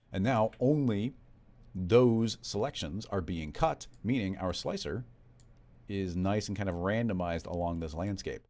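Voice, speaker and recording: Low-voiced man explaining software steps. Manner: relaxed, conversational step-by-step explaining. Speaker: software tutorial instructor. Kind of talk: screen-recorded software tutorial.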